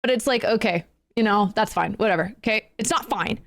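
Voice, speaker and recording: A woman's voice: medium pitch, a little fast. A woman streamer ranting to her chat, swearing, repeating lines and swinging between anger and playful jokes. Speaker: VTuber streamer. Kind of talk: live stream rant to chat.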